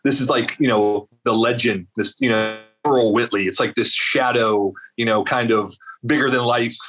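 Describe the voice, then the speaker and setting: A mid-range male voice at normal speed belongs to a South Carolina man appearing as an interview guest. The veterans advocate tells a lengthy story in a rambling, animated way, with plenty of fillers and asides.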